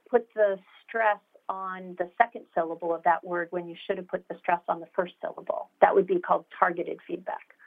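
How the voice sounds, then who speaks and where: Woman founder, low gravelly voice, eager explainer, tinny phone audio. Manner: enthusiastic, explanatory, many fillers. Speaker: startup founder. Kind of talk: interview answers.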